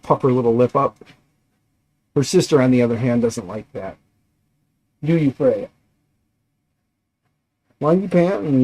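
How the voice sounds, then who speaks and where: A man's voice: medium pitch, a little mellow. Man rambling on a casual livestream. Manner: rambling, thinking aloud with fillers. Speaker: livestream host. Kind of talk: casual livestream chat while tinkering.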